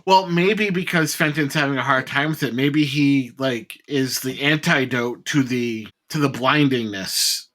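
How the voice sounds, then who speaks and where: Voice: mid-range voice, a little slow, hardly any pauses, a bit bright. A podcast co-host chiming in with short, wry remarks in casual conversation.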